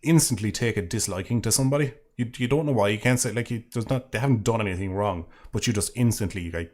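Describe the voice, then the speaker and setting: Guy streaming, reading super chats, rambly and sweary, a bit low voice. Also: fast, darkish tone. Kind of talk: casual live-stream chat.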